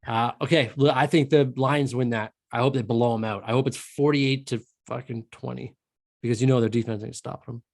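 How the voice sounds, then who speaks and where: A man's voice: medium pitch, fairly even intonation, fairly quick, vocal fry, no room sound, studio quality. A man co-hosting a casual sports podcast, talking bluntly with some swearing and frequent restarts. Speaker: podcast co-host.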